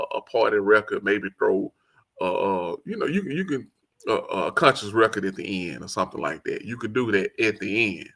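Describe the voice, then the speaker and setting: Gravelly Southern man reviewing an album. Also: lowish voice. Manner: excitable, rambling, quotes lyrics in song voice. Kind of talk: casual solo commentary.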